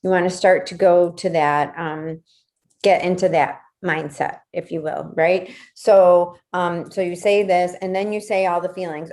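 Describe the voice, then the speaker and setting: A woman's voice: on the low side, fairly even intonation, a little slow, darkish tone. A woman leading a casual workshop, talking conversationally, repeating words and checking in with "right?". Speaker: workshop leader.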